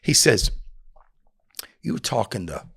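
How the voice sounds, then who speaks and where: A man with a gravelly, husky voice recounts a story in relaxed interview talk. He drops low and quiet when he quotes other people, then comes back up to his own voice. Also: unhurried.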